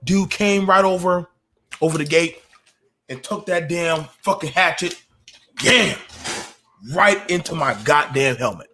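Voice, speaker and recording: A man, a military veteran, telling a raw story in the first person, halting and profane with frequent restarts. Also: fairly high pitch, bright, forceful tone, a little hiss or hum.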